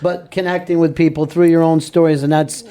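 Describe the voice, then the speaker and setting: A man's voice: on the high side, little pitch movement, brisk, a loud crowd. Reflective male interview host. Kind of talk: interview conversation.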